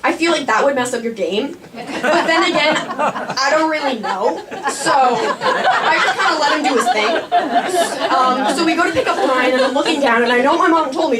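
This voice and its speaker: A woman's voice: sits high, expressive, moderate pace, crowd noise. A young woman telling a nervous, rambling, self-mocking story live on stage. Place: small performing arts studio. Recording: stage voice from a distance with faint room noise.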